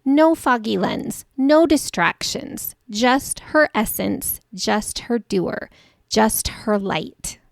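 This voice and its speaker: Woman host, chatty self-deprecating storyteller, gravelly edges, close and dry. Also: fairly high pitch, animated, slow pace, dry recording. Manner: chatty and warm-humored, laughs at herself. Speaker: podcast host. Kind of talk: personal storytelling monologue.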